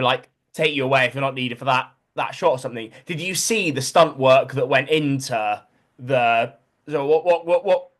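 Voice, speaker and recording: A British man hosting an interview, asking questions with many restarts. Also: on the high side. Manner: stumbling, repeated restarts when asking questions. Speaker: interview host. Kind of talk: casual interview.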